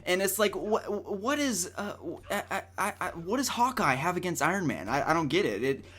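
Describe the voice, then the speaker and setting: A man who is a guest in a casual movie debate. He is excitable and argumentative, with stumbling restarts. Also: sits high, brisk, husky.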